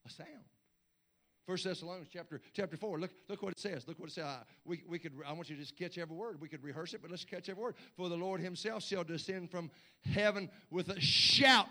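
A man preaching a sermon as pastor, swinging from low asides to hollered, repeated lines. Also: quick pace. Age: middle-aged or older. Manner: building to shouted, hollering preaching with stammered repeats.

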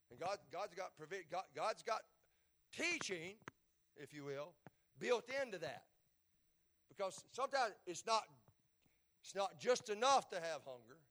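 A man preaches a sermon in a fairly high voice. He swings between loud, rising exhortation and quiet asides, and he repeats phrases as he works toward his point. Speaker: pastor.

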